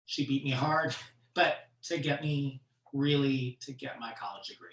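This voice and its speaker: A comedian tells stories at an unhurried, drawn-out pace, in a bright, forward voice, and laughs often at the stories. The voice sits back from the mic in a roomy, echoing space, like a home setup for an online show. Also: mid-range voice, far from the mic. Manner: slow, animated storytelling with frequent laughs. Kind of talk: stand-up storytelling on a virtual show. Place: room at home for a virtual show. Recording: echoey room, off-mic.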